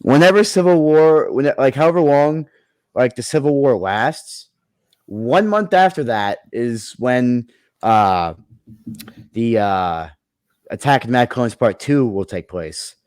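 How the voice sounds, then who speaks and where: A man pitches his movie ideas in a casual chat, rambling along with lots of fillers and restarts. His medium-pitched voice is expressive, smooth and a little dark in tone, delivered at a measured pace. There's no echo on the recording.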